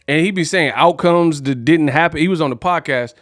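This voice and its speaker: Brash young man running a boxing vlog, slangy and mouthy, fairly high voice, dry close sound with faint music. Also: a little fast, fairly bright tone, dry recording. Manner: brash, slangy trash talk. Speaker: boxing news vlogger. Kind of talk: casual commentary vlog.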